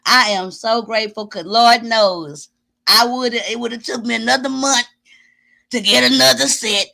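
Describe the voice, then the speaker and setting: Loud, whooping high-voiced woman streamer. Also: normal speed, vocal fry. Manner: loud, exclamatory and preachy, with whooping and cursing. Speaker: live-stream host. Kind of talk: casual live-stream talk to viewers.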